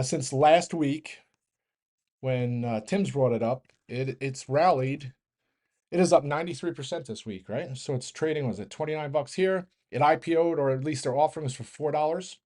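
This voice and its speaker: A man's voice: on the high side, darkish tone. A man hosting a stock market show, delivering a casual, rambling rant, often correcting himself and laughing. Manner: rambling, self-correcting, fast train of thought.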